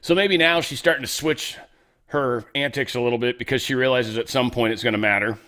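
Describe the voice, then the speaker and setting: A man's voice: mid-range voice, fairly quick, bright, forceful tone. Sarcastic, rambling male commentary host. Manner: loose, sarcastic, rambling, drops into mock voices. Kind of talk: casual political commentary.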